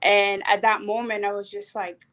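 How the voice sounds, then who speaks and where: A young woman from South Sudan with a South Sudanese accent, earnestly telling a personal story with hesitant pauses and fillers. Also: medium pitch, little pitch movement, fairly bright tone. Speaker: panel speaker.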